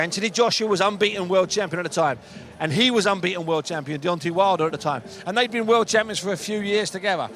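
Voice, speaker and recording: Chatty high-voiced presenter. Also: male voice, fairly bright tone, a little hiss or hum. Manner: anecdotal, quotes people in put-on voices. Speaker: radio presenter. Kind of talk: casual sports talk.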